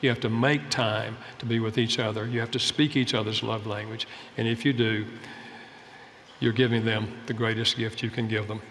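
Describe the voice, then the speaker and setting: A man's voice: lowish voice, level tone, normal speed, fairly bright tone, big-room sound, a little hiss or hum. An older man giving an earnest, folksy sermon-style talk about family life, telling stories from his own home. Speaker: speaker on family and marriage.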